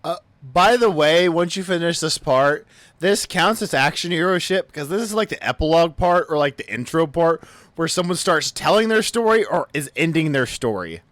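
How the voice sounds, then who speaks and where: A man's voice: a little high, expressive, normal speed, a bit bright, dry recording. A man co-hosting a podcast, chiming in with enthusiastic, casual remarks. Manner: enthusiastic interjections. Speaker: podcast co-host. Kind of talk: casual chat.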